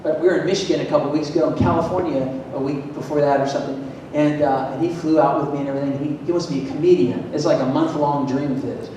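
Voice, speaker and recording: A man from Florida giving a lively, emphatic talk to an audience, asking them questions, heard from a distance in a large hall. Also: quick pace, few pauses. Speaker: motivational speaker at a school event. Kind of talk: energetic public talk to an audience. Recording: echoey hall, distant mic, faint rumble.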